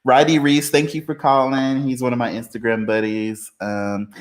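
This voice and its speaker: Laid-back man hosting a livestream. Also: mid-range voice. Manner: laid-back, laughs often, drawn-out fillers. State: a little tipsy after beers. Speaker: livestream host. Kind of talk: casual live chat reading comments.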